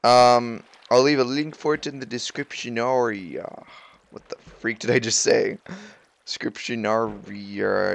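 A teenage boy giving casual, excitable commentary while playing a video game, grumbling and exclaiming at what happens. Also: mid-range voice, vocal fry, no echo. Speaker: gaming video creator.

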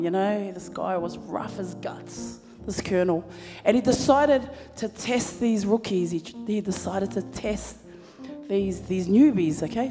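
A woman hosting a church service, telling a joke and giving announcements with playful banter to the audience. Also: mid-range voice. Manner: lively storyteller with audience banter. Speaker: church program emcee. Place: church hall. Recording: hall reverb, live church sound.

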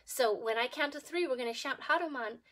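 A woman preschool teacher telling a story to young children, animated and sing-song, asking them questions as she goes. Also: high-pitched, a little fast. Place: home.

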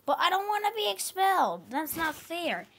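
Lady doing a whiny little cartoon snake, high and bright, begging. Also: sing-song, normal speed, exaggerated voice. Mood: pleading. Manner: whiny, pleading. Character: whiny snake logo student.

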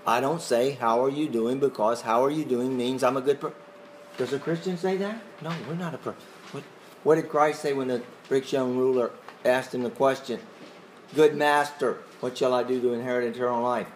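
A man's voice: medium pitch, moderate pace, a little hiss or hum. A man teaching a Bible class who questions his listeners in a conversational way and chuckles often.

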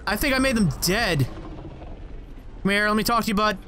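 A man giving casual let's-play commentary, excitable and joking, swearing often. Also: high-pitched, normal speed. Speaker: gaming channel host.

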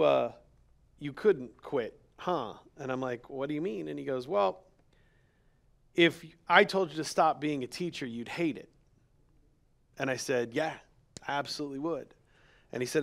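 A male pastor speaks openly to his church, slipping into the voices of people in his story. His voice sits a little high for a man, with a gravelly, fried edge. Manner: candid, storytelling, quoting others in dialogue. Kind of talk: sermon. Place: church sanctuary.

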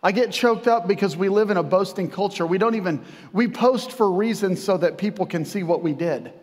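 A man's voice: high voice, fairly quick, a little mellow. A man preaching a sermon as pastor, talking conversationally with joking asides. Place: church sanctuary. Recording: long reverb from a church hall.

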